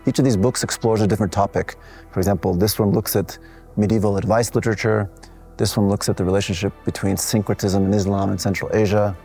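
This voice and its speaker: Low gravelly man giving a gallery tour. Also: fairly even intonation, dark tone, faint music behind. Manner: measured and explanatory, with occasional restarts. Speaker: artist presenting his collective's exhibition. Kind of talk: gallery walkthrough talk. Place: art gallery.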